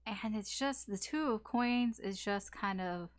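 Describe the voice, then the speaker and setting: Woman doing a tarot reading, chatty and rambly, lots of ums and you knows, swears a bit, normal mid pitch. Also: a little slow. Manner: chatty and rambling, full of fillers, restarts and casual swearing. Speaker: tarot reader.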